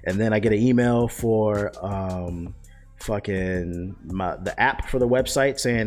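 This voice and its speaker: A man's voice: on the low side, normal speed, soft background music. A man in his twenties answering viewer questions in a loose, profane, slangy way with lots of fillers. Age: 20s. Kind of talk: casual chat.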